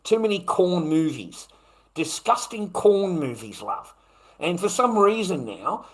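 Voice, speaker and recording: A middle-aged Australian man rambles through a foul-mouthed livestream monologue. His voice sits a little high and comes out bright and forceful, with a crude, meandering delivery peppered with "mate". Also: rough recording. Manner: crude, profane, rambling, keeps tagging "mate".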